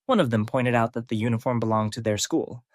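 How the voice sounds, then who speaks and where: A man narrating a scripted story recap in a steady storytelling way. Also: mid-range voice, fast talker, no room sound, studio quality.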